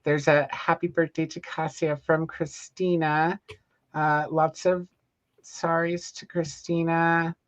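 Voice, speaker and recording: A livestream host reading out viewer comments in a relaxed, casual way. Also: medium pitch, takes it slowly. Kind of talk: casual chat.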